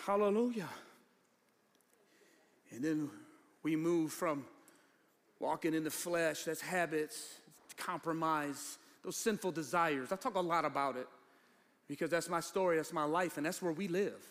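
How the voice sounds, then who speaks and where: A pastor preaching a sermon, swinging from low, quiet asides to shouted, rising lines. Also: male voice, measured pace, long pauses. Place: church hall. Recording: long reverb of a large hall.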